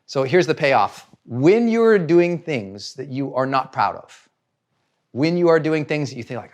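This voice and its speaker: A man giving a motivational talk as a personal growth trainer, animated and asking rhetorical questions. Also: a little high. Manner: animated, asks rhetorical questions and acts out examples.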